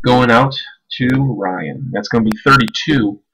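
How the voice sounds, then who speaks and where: A man's voice: medium pitch, unhurried, bright, forceful tone, breathy edge, poor audio. A man hosting a live-streamed card break, casually calling out each card and who it goes to. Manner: casual, chatty, calls out cards and names.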